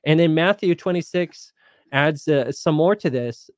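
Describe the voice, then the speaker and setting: A man's voice: on the high side, unhurried, dry recording, studio quality. A man hosting a live Bible question show, explaining verses in a casual, conversational way and paraphrasing scripture in everyday speech. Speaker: Bible teacher host.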